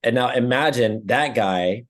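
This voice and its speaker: This young podcast co-host relates a story casually, meandering with lots of fillers and swearing throughout the chat. He speaks at a measured pace in a medium-pitched voice.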